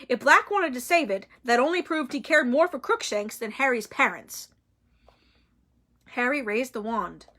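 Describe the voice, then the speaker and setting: A woman reading a novel aloud in an expressive, dramatic way. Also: sits high.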